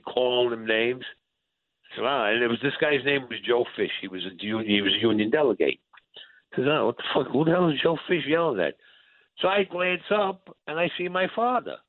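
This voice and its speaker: A New man telling a story over the phone. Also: dry recording. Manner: animated storyteller who acts out dialogue with rising pitch. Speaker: interview guest. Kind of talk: storytelling, recounting his past. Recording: dry, tinny phone line.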